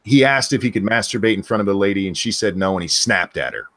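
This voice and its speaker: A man's voice: on the low side, expressive, fast talker, fairly bright tone. A man hosting a casual podcast chat, rambling through the news and swearing often. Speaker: podcast host.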